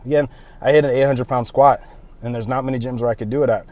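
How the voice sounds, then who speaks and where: A young powerlifting vlogger rambles casually in a vlog monologue, out of breath while doing cardio outdoors and holding his phone to record. His mid-range, slightly mellow voice is fast with fairly even intonation, loose and full of fillers and self-mocking asides, on a dry recording.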